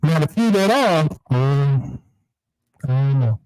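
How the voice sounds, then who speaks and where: A man's voice: a little high, expressive, slow pace, a little mellow, smooth. Emphatic man with a muffled voice. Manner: emphatic, repeats phrases, folksy preacher-like cadence. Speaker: podcast co-host. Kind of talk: casual podcast chat. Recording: muffled, distorted audio.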